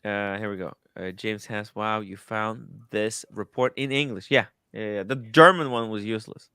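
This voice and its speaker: An excitable male streamer with a bright, forceful voice, talking in loose, swearing asides. The sound is dry and close, with no room around it. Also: lowish voice, moderate pace, clean tone, dry recording. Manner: excitable, swears, reacts loudly to a video. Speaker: streamer host. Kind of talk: casual live-stream commentary.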